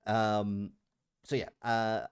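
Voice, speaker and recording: A man with a Merseyside accent talks casually and thoughtfully, working through his ideas out loud. His voice sits very low. The sound is dry and close, with no room around it. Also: flat delivery, very slow, clean tone, no room sound. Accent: Merseyside English. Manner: thoughtful, explanatory. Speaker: voice actor. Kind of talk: casual chat on a live stream.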